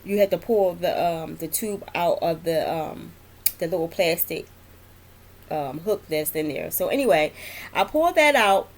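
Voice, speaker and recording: A woman's voice: on the low side, lively intonation, unhurried. A young adult woman, a nurse, telling work stories in a casual, rambling vlog with many fillers and laughs. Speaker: vlogger, nurse.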